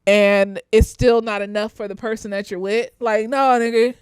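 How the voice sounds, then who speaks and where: A young therapist with a clear, resonant voice reviews a TV series at normal speed, a little tipsy and very casual. She laughs a lot, curses freely and jumps into excited high squeals; there's no echo.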